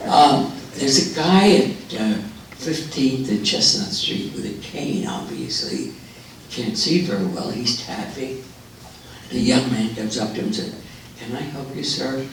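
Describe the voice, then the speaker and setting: A man telling jokes to a live audience, unhurried, louder on the punchlines. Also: medium pitch, big pitch swings, a little hiss or hum. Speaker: joke teller. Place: forum hall. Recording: echoey hall, voice from far off.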